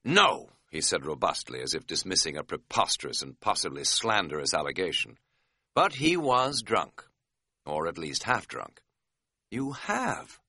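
Wry male audiobook narrator with lively pitch. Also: moderate pace, breathy edge, no echo. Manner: wry, dry storytelling.

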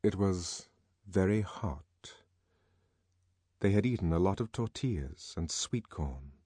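A man narrating an audiobook in a measured, expressive storytelling manner, recorded on a close studio mic. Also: deep voice, slightly rough, dry recording.

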